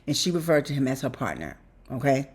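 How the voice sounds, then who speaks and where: This vlogger has a bass-deep, husky, slightly mellow voice, swings widely in pitch and talks fast. She addresses her audience as "you guys" in a rambling, emotional personal vlog, repeating herself and laughing in the middle of sentences.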